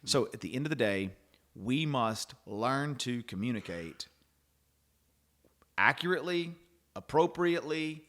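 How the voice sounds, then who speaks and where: A man's voice: mid-range voice, expressive, a little slow, pauses often, a bit bright. Rambling middle-aged man hosting a chat. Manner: rambling, restarts, acts out quoted lines. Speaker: podcast host. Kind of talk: casual faith-based chat.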